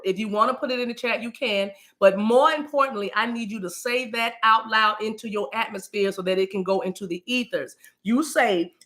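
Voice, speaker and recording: A woman hosting a spiritual live stream in casual talk, animated and playful, breaking into chant-like sounds. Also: on the high side, normal speed.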